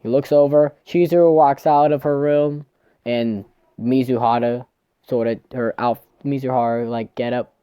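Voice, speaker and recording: Mellow, rambling man recapping. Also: mid-range voice, steady tone, normal speed, smooth, no echo, clean studio sound. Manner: rambling, profane, trips over words. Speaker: manga reviewer. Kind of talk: casual chapter recap.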